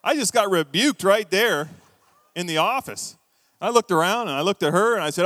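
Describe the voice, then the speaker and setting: A middle-aged man preaching in a church, his voice a little higher than most men's. He tells stories with animated, acted-out quotes. The mic is close and dry, with a long hall reverb behind it. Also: normal speed. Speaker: pastor. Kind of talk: sermon.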